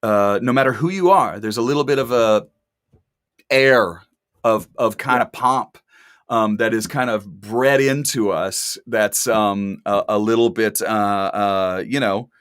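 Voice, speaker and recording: A man's voice: fairly low pitch, a little slow, fairly bright tone, smooth, dry recording. A man from Texas hosting a casual talk show, chatty and rambling, with dry sarcastic humor. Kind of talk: casual chat.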